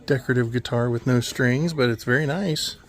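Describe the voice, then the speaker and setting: A man vlogging as he walks through an indoor antique mall, making relaxed offhand remarks and chuckling at the finds. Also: medium pitch, a little fast. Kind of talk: casual walkthrough commentary.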